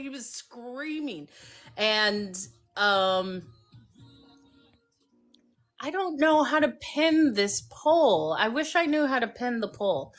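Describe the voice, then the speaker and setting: A woman hosting a casual live stream, telling a lively story and acting out the voices of the people in it. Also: on the high side, takes it slowly. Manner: animated storyteller who acts out voices. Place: home by a fireplace.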